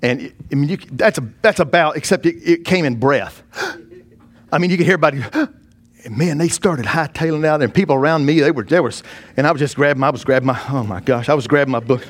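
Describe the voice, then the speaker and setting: A man preaching, telling a personal testimony with animated, self-mocking storytelling and many restarts. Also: on the high side, brisk. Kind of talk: sermon storytelling.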